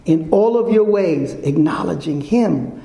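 A man's voice: fairly high pitch, lively intonation, a little slow, creaky, dark tone. A man giving an informal sermon as a Bible teacher, emphatic and full of rhetorical questions to his listeners. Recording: echoey room.

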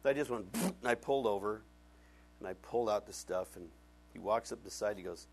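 A man's voice: lowish voice, fairly quick. A middle-aged male pastor preaching a sermon, telling personal stories and acting out both sides of conversations with self-mocking humor.

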